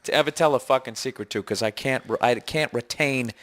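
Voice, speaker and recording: A man's voice: mid-range voice, fairly quick. A man co-hosting a comedy podcast, rambling through stories in casual, profane chat. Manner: profane, rambling, animated storytelling. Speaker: podcast co-host.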